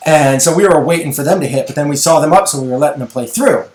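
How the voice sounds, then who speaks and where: A middle-aged man co-hosting a podcast, telling a story in casual, animated chat. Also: a little high, fast talker. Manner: animated storyteller, acts out voices in anecdotes. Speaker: podcast co-host. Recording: echoey room.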